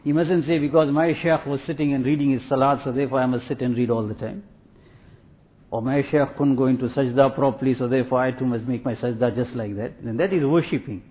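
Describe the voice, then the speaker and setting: A man giving a sermon in a measured, repetitive preaching cadence, telling anecdotes. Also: medium pitch, steady tone. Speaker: Islamic preacher. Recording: tinny phone-like audio.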